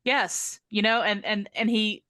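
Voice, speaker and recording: A woman's voice: mid-range voice, a little slow, a bit bright, dry recording. A woman co-hosting a podcast, chatting casually and talking her points through thoughtfully. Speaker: podcast co-host. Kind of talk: casual chat.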